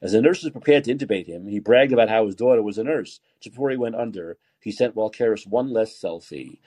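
A man's voice: fairly low pitch, quick pace, mellow, slightly rough. A man hosting a political talk show, giving angry, profane opinion commentary and reading from articles. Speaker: podcast host.

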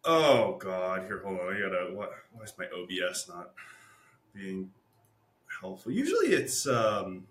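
A man co-hosting a podcast, ranting in casual chat, animated and profane. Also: deep voice, unhurried, roomy sound. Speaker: podcast co-host.

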